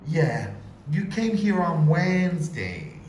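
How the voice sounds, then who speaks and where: A man's voice: fairly high pitch, sing-song, takes it slowly, darkish tone, a little hiss or hum, pitched above the performer's own voice. A man voicing an eager, chatty schoolboy in a raised voice, read from a picture book in an echoey room.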